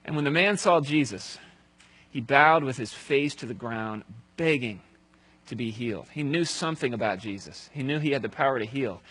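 A male pastor giving a conversational sermon, telling the story aloud and dropping to a hush at solemn moments. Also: medium pitch, animated, normal speed, husky, rough recording.

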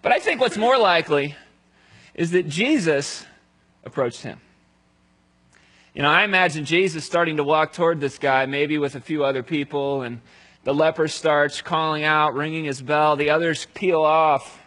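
A male pastor giving a conversational sermon, telling the story aloud and dropping to a hush at solemn moments. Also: a little high, moderate pace, poor audio.

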